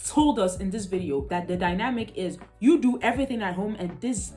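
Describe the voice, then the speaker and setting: A woman's voice: mid-range voice, moderate pace, few pauses, music in the background. A young woman giving exasperated, ranting reaction commentary. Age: young adult. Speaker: reaction video host.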